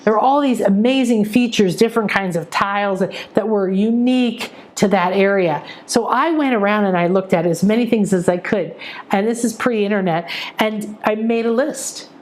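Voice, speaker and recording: Middle-aged woman, intuitive reader, casual teaching monologue; meandering, excitable, mid-pitched. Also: normal speed. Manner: rambling, warm-hearted storytelling with many restarts and "right?" asides; excitable, breaks into exclamations of wonder. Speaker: intuitive reader and spiritual coach.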